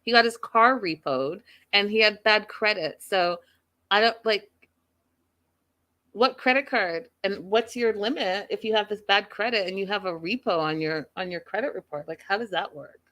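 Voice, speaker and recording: A woman hosting a casual recap of a reality show, chatting in an animated, gossipy storytelling way. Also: medium pitch, moderate pace. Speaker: show host.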